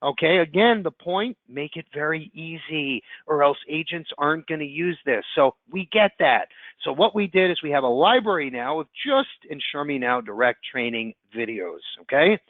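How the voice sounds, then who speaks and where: A man giving an upbeat, fast sales pitch as presenter on a webinar call. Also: expressive, dry recording. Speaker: insurance platform presenter. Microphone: conference call line. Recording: tinny phone-line audio.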